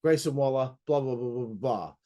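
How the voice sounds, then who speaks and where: A man's voice: mid-range voice, fairly quick, mellow. A man hosting a casual wrestling review, rambling with crude jokes and asides. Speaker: host.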